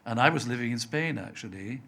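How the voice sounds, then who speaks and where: An older man from Scotland with a softened Scottish accent, a TV writer telling anecdotes as an interview guest and acting out the voices of people he quotes. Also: medium pitch, animated, a little fast, gravelly. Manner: chatty storyteller, acts out quoted voices, laughs often.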